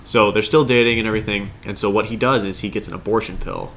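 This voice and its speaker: A man with a fairly low voice and a bright, forward tone tells a story in relaxed podcast conversation, earnest with a wry streak. Light background hiss. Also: fast talker. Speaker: podcast co-host. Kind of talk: casual chat.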